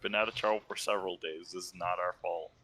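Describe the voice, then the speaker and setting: A man's voice: sits low, steady tone, quick pace, bright, forceful tone, dry recording. A man playing a tabletop game, matter-of-fact as he explains his group's situation. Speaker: player. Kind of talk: tabletop game play, casual chat.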